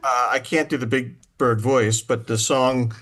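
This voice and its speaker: A man shares his thoughts in a seminar discussion, pausing and restarting as he works out his ideas. His voice sits at a middle pitch. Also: fairly even intonation, a bit bright. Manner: thoughtful, hesitant, many ums. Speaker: seminar participant.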